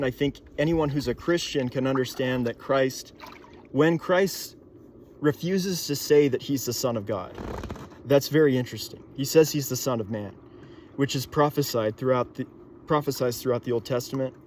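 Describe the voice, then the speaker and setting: A young man thinking aloud in a casual monologue, pausing with fillers and restarting sentences often. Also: medium pitch, a little mellow, slight background noise.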